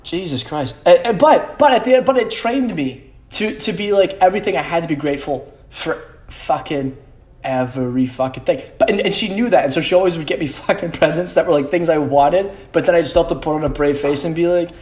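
A man's voice: fairly high pitch, fairly quick, a little mellow. A young man hosting a solo podcast, rambling in a profane, self-mocking way and laughing often. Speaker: podcast host.

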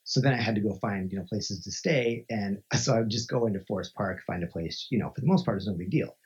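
Raspy low-voiced man telling a story. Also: fast talker. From Montana. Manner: animated, acts out quoted voices, many filler "like"s. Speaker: podcast guest. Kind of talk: conversational storytelling. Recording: dull lo-fi recording.

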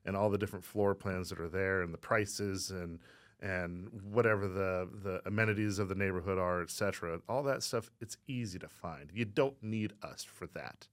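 A man's voice: low voice, normal speed, no room sound, clean studio sound. A man co-hosting a real estate podcast, talking emphatically and often tagging his points with a question. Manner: emphatic, keeps adding "right?". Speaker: real estate agent and co-host. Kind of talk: casual chat.

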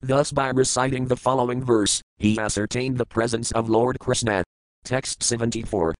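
A man reading scripture aloud in a measured way, saying each foreign term and then its English meaning. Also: mid-range voice, steady tone, dry recording, poor audio. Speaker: scripture reader.

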